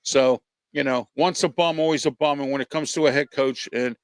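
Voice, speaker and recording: A man's voice: medium pitch, fairly even intonation, a little fast, clear, resonant tone, dry recording. A man hosting a casual football talk stream, blunt and rambling with lots of fillers. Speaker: sports show host.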